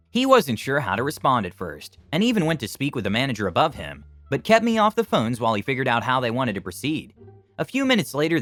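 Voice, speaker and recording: Man narrating with lively intonation. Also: mid-range voice. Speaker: narrator of reader-submitted stories. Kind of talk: scripted story narration.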